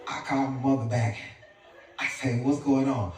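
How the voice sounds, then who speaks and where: A man doing stand-up storytelling, animated and squealing in high voices when he acts out his family. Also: normal speed, heavy reverb. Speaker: stand-up comedian. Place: live comedy stage. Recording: far-off mic with loud crowd laughter. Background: audience laughter.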